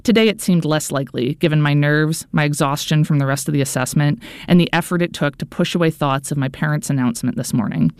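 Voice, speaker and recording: A woman's voice: low voice, quick pace, hardly any pauses, darkish tone, clear, resonant tone, no room sound, studio quality. A woman narrating a first-person audiobook in an earnest, anxious inner-monologue manner.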